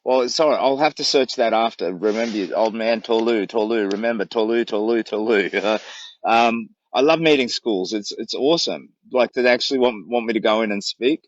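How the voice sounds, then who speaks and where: An Australian man with a medium-pitched voice speaks briskly to a phone livestream from his bush camp, partway through a long charity walk. He rambles through warm stories, laughing as he goes, in a casual chat; the audio is lo-fi with no room sound.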